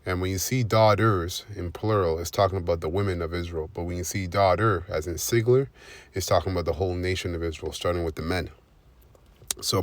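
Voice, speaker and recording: A man's voice: deep voice, fairly even intonation, a little fast, no echo. A man preaching and commenting on scripture, driving each point home with repeated "all right?" checks. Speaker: religious teacher.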